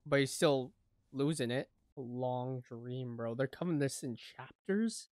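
A man reacting to an anime episode as he watches, excitable and profane, swinging between loud outbursts and hushed remarks. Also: medium pitch, slow pace. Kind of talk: live reaction commentary.

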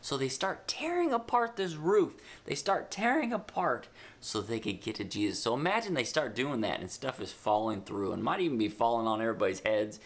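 A man teaching a children's Bible lesson, retelling the story with animated emphasis and casual asides, slowing down when he dictates notes. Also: medium pitch.

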